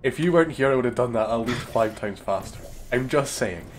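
A young man streaming a video game, excitable and sweary, bickering with his co-op partner and exclaiming at the action. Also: medium pitch, brisk, background noise. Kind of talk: live gaming stream banter. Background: game music.

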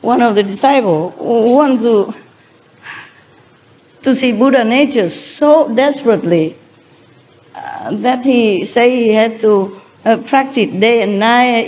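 A woman's voice: fairly high pitch, darkish tone. A woman teacher giving a spiritual lecture, retelling religious stories in simple non-native English and chuckling often.

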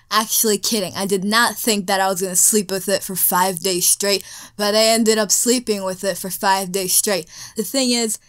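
A teenage speedpaint vlogger talks into a desk microphone in her bedroom while painting, rambling casually, scattering her thoughts and trailing off between topics. Her medium-pitched voice has fairly even intonation, a moderate pace and a fairly bright tone.

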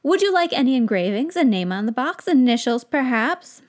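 Woman doing a small excitable wizard shopkeeper. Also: sits high, normal speed. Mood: eager. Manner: eager, passionate, odd put-on accent. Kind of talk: fan fiction read-aloud.

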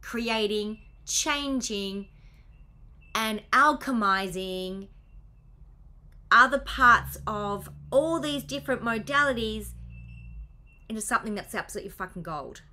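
A woman's voice: on the high side, lively intonation, takes it slowly, pauses often, sharp tone. A woman coach giving a casual, blunt and sweary presentation to her team over a video call. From Australia. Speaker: business coach and healer.

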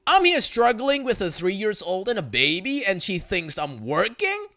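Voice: mid-range voice, wildly swooping pitch, moderate pace, sharp tone. A narrator reading online forum stories aloud in a plain storytelling manner.

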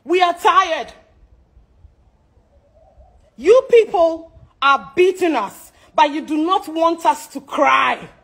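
A Ghanaian woman with a strikingly high voice rants about the cost of living. She is loud, fearless and fiery, cursing freely as she speaks. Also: poor audio. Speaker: social media commentator. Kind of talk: angry political rant.

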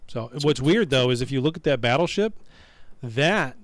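A man's voice: mid-range voice, animated, moderate pace, no room sound. A man co-hosting a casual gaming podcast, speaking bluntly and matter-of-factly, swearing casually.

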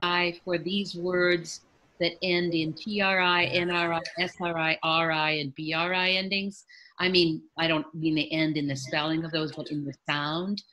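A woman dialect coach teaching a workshop, demonstrating sounds slowly and deliberately by example. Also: fairly low pitch, level tone, pushed and bright, faint music behind.

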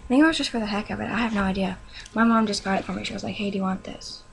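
A young woman talks her viewers through her things in a soft, slow, rambling way. Her voice has a gravelly fry at the edges. It comes through a webcam with a clear hiss underneath. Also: mid-range voice. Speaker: beauty vlogger. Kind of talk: casual show-and-tell vlog. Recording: noisy webcam recording.

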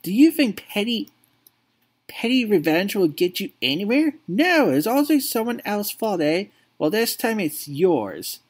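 A man's voice: sing-song, a little slow, slightly rough, exaggerated voice. A man voicing a young homeless son who accuses and pleads with his father in a game playthrough. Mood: anguished. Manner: pleading, accusing, voice straining high.

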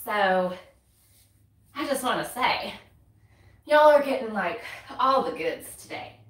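A woman's voice: medium pitch, very animated, takes it slowly, fairly bright tone. A woman from North Carolina with a Southern accent, chatting and counting reps while doing a workout, a little winded. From North Carolina, USA. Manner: chatty, counts reps aloud, laughs and sighs between moves. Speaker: fitness content creator. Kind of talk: casual workout instruction while exercising. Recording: roomy sound, mic at a distance.

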